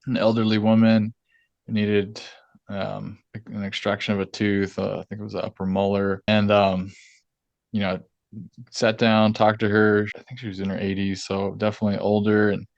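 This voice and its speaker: A man's voice: on the low side, completely flat delivery, gravelly, dry recording, lo-fi sound. A male oral surgeon hosting a podcast, speaking in an earnest, agreeable way. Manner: earnest, agreeable, quick affirmations. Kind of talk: conversational podcast interview.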